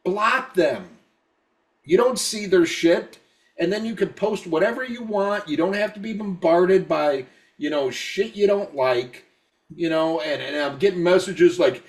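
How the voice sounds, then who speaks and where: A man's voice: sits high, lively intonation, moderate pace, far from the mic. A man co-hosting a podcast who says he is drunk, ranting in a profane, repetitive way with frequent stammering restarts. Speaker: podcast co-host. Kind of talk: casual podcast rant.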